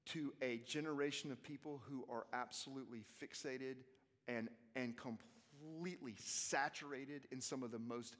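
A man giving an energetic sermon to young people, swinging between hushed asides and loud bursts as he acts out quotes. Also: mid-range voice, normal speed. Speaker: youth conference speaker. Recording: long hall reverb.

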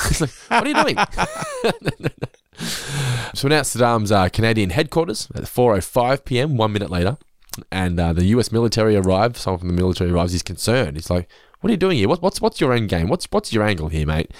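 Laid-back low-voiced man recapping. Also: wildly swooping pitch, fairly quick, no echo, clean studio sound. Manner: laid-back, recaps scenes with mimicked quotes. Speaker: podcast host. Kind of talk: casual episode recap chat.

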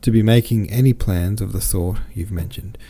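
A man doing a gruff, blunt old sea captain. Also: lowish voice, normal speed, dark tone. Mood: indignant. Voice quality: rough, scorched-throat voice. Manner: plain-spoken, blustering.

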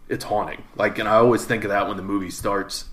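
A man co-hosting a casual film podcast, relaxed as he shares trivia. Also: fairly low pitch, quick pace. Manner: knowledgeable, relaxed trivia sharing.

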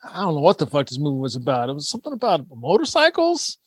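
A man with a high, husky voice, chatting loosely on a podcast and joking as he goes. His pitch leaps about, and the sound is dry. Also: wildly swooping pitch, fast, no room sound. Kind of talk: casual podcast chat.

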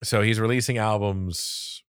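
A man with a Florida accent talks loosely on a podcast, rambling and joking and laughing often. His voice sits low. The sound is dry and close, with no room around it. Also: steady tone, measured pace, clean tone, no room sound. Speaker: podcast co-host. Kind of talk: casual chat.

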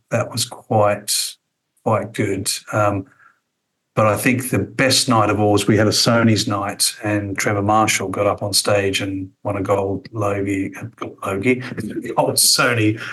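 A man's voice: lowish voice, fairly bright tone, rough recording. A middle-aged man, talking as an interview guest, reflective and full of ums and restarts. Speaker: interview guest, former radio executive. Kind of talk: conversational interview.

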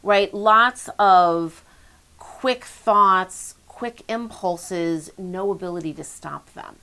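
Woman expert explaining toddlers, a bit of fry in her voice, emphatic. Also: mid-range voice, bright, forceful tone. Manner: emphatic, explanatory, quick bursts. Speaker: child development expert, center director. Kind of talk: conversational advice.

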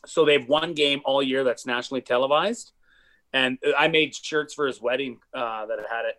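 A man's voice: medium pitch, normal speed. A man with a wife and kids, guest on a podcast, telling stories in loose, profane, rambling casual chat. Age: adult with a wife and kids. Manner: profane, rambling, animated storyteller.

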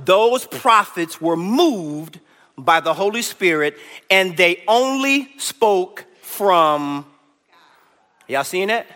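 In an echoey church hall, a man preaches a Bible lesson with a high, bright, forceful voice, lively intonation and a slow pace. He's enthusiastic and eagerly coaxes the congregation to call out answers aloud.

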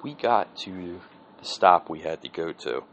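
Low-voiced man rambling profanely as podcast host. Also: animated, measured pace, slight background noise, rough recording. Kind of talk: casual solo podcast monologue.

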